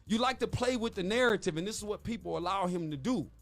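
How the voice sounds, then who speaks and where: A man's voice: sits high, expressive, fast talker, soft background music. A man co-hosting a morning radio talk show, arguing his point with emphatic rhetorical questions. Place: radio studio.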